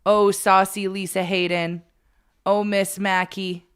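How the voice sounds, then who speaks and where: A woman co-hosting a casual morning talk show, teasing and quick-witted in the banter. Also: mid-range voice, level tone, a bit bright, smooth. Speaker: co-host.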